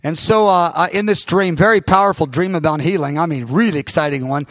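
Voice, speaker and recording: A man preaching a sermon, retelling a dream in an animated way with many restarts and sound words. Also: fairly high pitch, brisk, no echo. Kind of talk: sermon storytelling.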